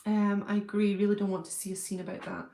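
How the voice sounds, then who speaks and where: Chatty woman with a gravelly edge. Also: medium pitch, little pitch movement, quick pace, mellow, echoey room. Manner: chatty and effusive, reads out and answers comments. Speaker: livestream host reading viewer comments. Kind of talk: casual chat.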